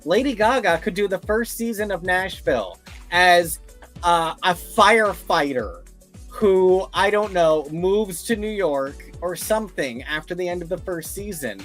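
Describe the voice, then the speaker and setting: A man's voice: high voice, measured pace, fairly bright tone, faint music behind. A man co-hosting a casual podcast, tossing in dry, wry asides. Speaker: podcast co-host. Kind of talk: casual chat.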